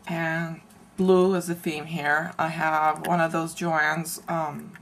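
A woman casually showing her handmade craft album, chatty and meandering, often pausing mid-sentence to search for words. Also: deep voice, level tone, gravelly, slight background noise. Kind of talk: casual show-and-tell craft video.

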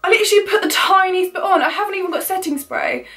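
A woman beauty vlogger chatting to camera in a gushing, excitable, rambling way. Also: very high-pitched, fast talker, soft background music. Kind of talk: casual chat to camera.

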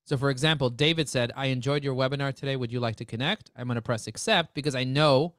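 Energetic joking man presenting a webinar. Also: mid-range voice, fast talker, dry recording, studio quality. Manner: energetic, joking salesman patter.

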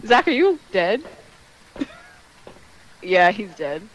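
A young woman in casual gaming chat with friends, jumpy and quick to swear, shriek and laugh when scared. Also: medium pitch, very animated, a little hiss or hum. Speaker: gamer playing a ghost-hunting game with friends.

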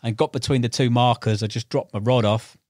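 A young Englishman telling lively stories in relaxed chat, laughing as he goes and acting out the voices of the people in them. His voice sits at an average pitch, and it comes through close and dry on a podcast mic. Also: a little fast, dry recording. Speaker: podcast guest, tackle shop owner and angler. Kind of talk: casual storytelling chat.

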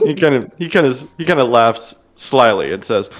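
A man narrating a tabletop game as game master, calm and descriptive. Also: medium pitch, moderate pace, dull audio, soft background music.

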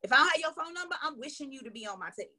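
Woman coach hyping up her sales team, high bright voice, really emphatic. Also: racing. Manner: energetic, emphatic, acts out little dialogues. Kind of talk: motivational sales training talk.

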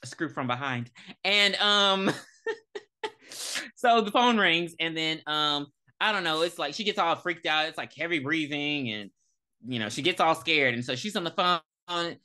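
A woman co-hosting a casual movie review podcast, retelling scenes with animated energy and frequent swearing. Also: low voice, unhurried. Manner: animated retelling, acts out characters, profane. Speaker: podcast co-host.

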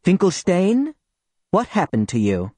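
Reading an audiobook, a man voices a strict, sugary female Soviet schoolteacher, lifting into a higher, lively register. Heavily acted and sarcastic at a measured pace, her syrupy politeness hardens into cold, sharp sternness. The sound is close and dry, with no room sound.

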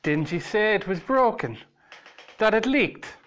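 A man's voice: high-pitched, animated, unhurried, a bit bright, pitched above the performer's own voice. A man voicing a haughty, domineering old woman, scolding her husband in a spooky story. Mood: scornful. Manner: imperious, scolding.

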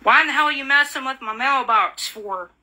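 A woman rants in fury, swearing and repeating the same bitter accusations. Her voice is very bright and sharp, and it sits a little high. She sounds worn out and fed up. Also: fairly quick. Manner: furious, profane, repetitive insults. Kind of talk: angry rant.

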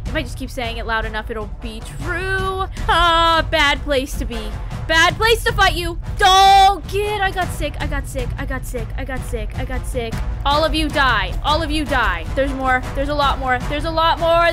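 A young woman giving excitable let's-play commentary, shrieking and yelping when startled and whispering when tense. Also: sits high, normal speed. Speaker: gaming YouTuber. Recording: game music behind voice.

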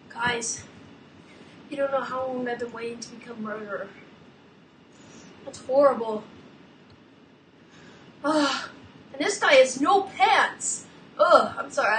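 Woman, YouTuber, gameplay commentary, excitable, dramatic groans, echoey room, faint hiss. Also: on the high side, moderate pace, long pauses. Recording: roomy, distant mic.

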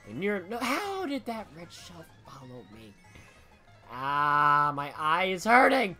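A young man streaming a racing game live, muttering his moves and then yelling and swearing when he gets hit. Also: a little high, huge pitch swings, takes it slowly, faint music behind. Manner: swings from muttering to shouting outbursts, swears a lot. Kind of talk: live gameplay commentary.

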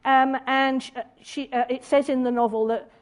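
A woman giving a public lecture, speaking in a measured, deliberate way with hesitant pauses and dry asides. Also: high-pitched, steady tone. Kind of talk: public lecture with read-out quotations.

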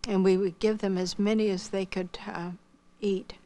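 A woman's voice: medium pitch, flat delivery, moderate pace, dark tone. A woman giving a spoken missionary testimony, telling her story earnestly and quoting the dialogue.

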